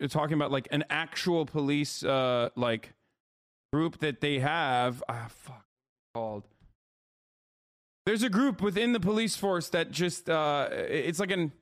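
Sarcastic male co-commentator, slightly high voice, fast and profane. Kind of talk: casual live-stream commentary.

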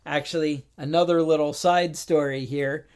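A man's voice: a little high, fairly even intonation, normal speed, darkish tone, clean tone. A man co-hosting a podcast in casual chat, telling a long story with exasperated asides and acted-out phone calls. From New York. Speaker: podcast co-host.

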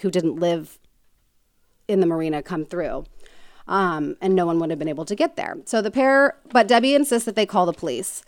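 A woman hosts a podcast where she casually chats through true-crime stories, joking and using plenty of filler words. Her voice is lowish, and the sound is dry and close with no echo.

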